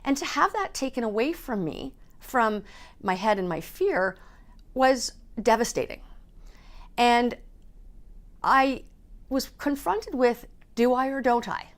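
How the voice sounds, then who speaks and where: A woman's voice: fairly high pitch, lively intonation, slow pace, pauses often. Candid, emotional woman vlogging. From Canada. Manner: candid, emotional, swears casually. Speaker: speaker and coach. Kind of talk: personal vlog monologue.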